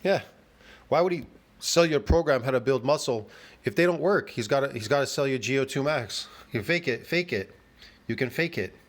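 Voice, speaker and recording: A man's voice: mid-range voice, lively intonation, fairly quick. A man reacting to a video in a mid-range voice, jeering and sarcastic. He keeps repeating his digs and chuckles at his own lines. The sound is plain and clean. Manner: mocking, laughs at his own jokes. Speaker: reaction channel host.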